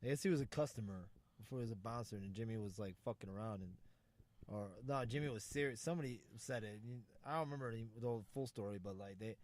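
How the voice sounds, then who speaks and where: A man's voice: lowish voice, quick pace, darkish tone. A young man co-hosting a podcast, telling loose, profane stories in casual chat. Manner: loose, profane storytelling with laughs. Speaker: podcast co-host.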